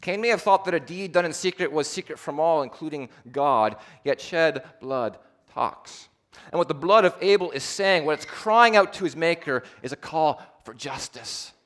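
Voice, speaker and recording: An animated man preaches a sermon, rising to loud, emphatic peaks and falling to low, hushed phrase endings. He slows his pace for deliberate, repeated emphasis.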